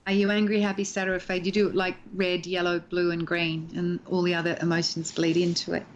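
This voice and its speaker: A woman's voice: on the low side, completely flat delivery, a little fast, lo-fi sound, slight background noise. A woman in her sixties, an actress, being interviewed over a video call from home and talking expressively about acting, acting out lines as she explains. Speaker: actress and guest. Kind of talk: animated interview talk.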